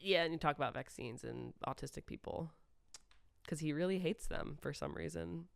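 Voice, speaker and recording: A woman's voice: sits low, normal speed, vocal fry, no echo, studio quality. A woman in her thirties hosting a comedy podcast, chatting casually, joking and laughing often as she tells stories. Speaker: podcast host.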